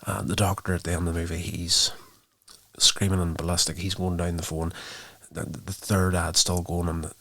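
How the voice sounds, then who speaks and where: A podcast host reviews a movie casually, recounting its plot in a rambling way packed with fillers. His voice sits low and gravelly yet fairly bright, with flat delivery at a moderate pace.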